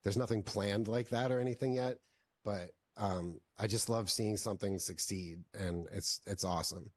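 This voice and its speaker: A filmmaker guest in a casual interview, telling long stories with lots of "like" fillers. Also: male voice, lowish voice, normal speed, a little mellow, no room sound. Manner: rambling, heavy use of "like" fillers.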